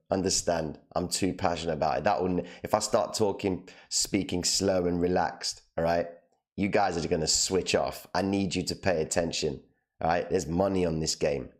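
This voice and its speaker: A hoarse man hosting a live trading stream, talking passionately and checking in with "okay?" and "all right?". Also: deep voice, fairly even intonation, moderate pace. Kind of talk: live market commentary.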